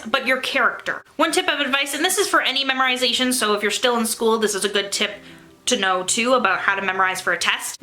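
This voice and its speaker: A woman's voice: a little high, bright, forceful tone. A young woman, a theatre vlogger, giving upbeat, emphatic audition advice straight to camera. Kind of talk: casual advice vlog.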